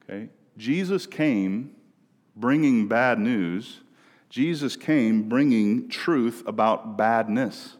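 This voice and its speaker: A man in his thirties delivers a sermon at an unhurried pace, pressing his points with emphasis. His voice sinks to hushed lows and climbs to raised peaks, and it rings with the long reverb of a church sanctuary. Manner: emphatic preaching, swings between hushed and raised. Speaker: pastor.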